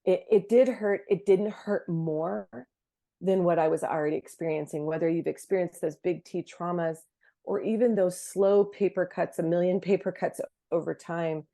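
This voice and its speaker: A woman's voice: lowish voice, steady tone, moderate pace, dark tone. A woman, a guest on a Christian podcast, telling a personal faith story in an earnest, heartfelt way, often restarting her sentences. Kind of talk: casual Christian podcast conversation.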